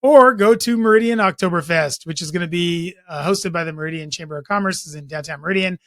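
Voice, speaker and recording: A man's voice: sits high, fast, a bit bright, no echo, studio quality. A man hosting a podcast, running through weekend events in a rambling, chatty way with jokey asides. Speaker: podcast host. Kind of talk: casual event roundup.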